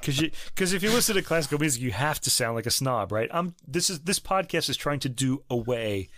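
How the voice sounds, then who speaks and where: A man on a music podcast, as co-host, gives a casual, jokey review chat loaded with opinions and fillers. His mid-range voice is animated, brisk and fairly bright, recorded on a podcast microphone at studio quality without any echo.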